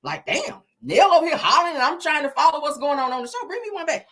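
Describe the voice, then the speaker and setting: A woman recapping a reality show episode in a sassy, animated, slang-filled way. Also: high voice, fast talker. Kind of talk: casual chat.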